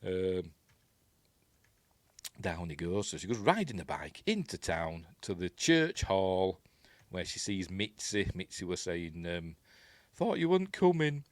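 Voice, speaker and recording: Yorkshire man, lowish voice, dry close sound, rambling film recap full of asides. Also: animated, slow, no room sound. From Yorkshire, England. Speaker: film reviewer.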